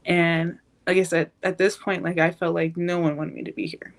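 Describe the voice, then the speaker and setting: An eighteen-year-old woman, a podcast guest, telling a painful personal story in a halting, emotional way. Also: lowish voice, flat delivery, creaky.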